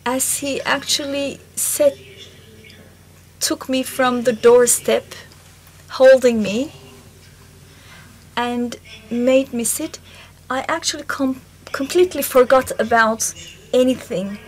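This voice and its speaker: Woman, high voice, unhurried, halting first-person recollection, faint hiss behind. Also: steady tone. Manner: slow, halting storytelling with pauses. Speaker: symposium speaker. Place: concert hall.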